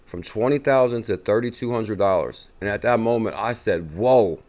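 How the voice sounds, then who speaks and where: A man hosting a casual crypto news show, reacting excitedly and repeating figures from a clip he plays. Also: on the low side, moderate pace. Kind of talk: casual chat.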